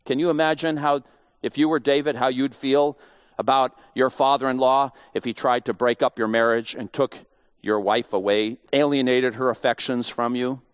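A man's voice: medium pitch, fairly even intonation, moderate pace, clear, resonant tone, dry recording. A man giving a conversational Bible teaching, emphatic and full of rhetorical questions.

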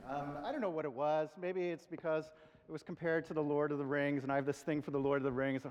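A man preaching a sermon in an earnest, conversational way, with reflective pauses. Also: on the high side, little pitch movement, a little mellow, lo-fi sound. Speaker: pastor. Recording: long reverb of a large hall.

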